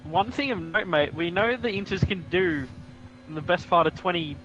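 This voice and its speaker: A man's voice: high voice, moderate pace, a bit bright, muffled recording. A man hosting a live sim racing stream, commentating the race with joking banter that picks up when the action heats up.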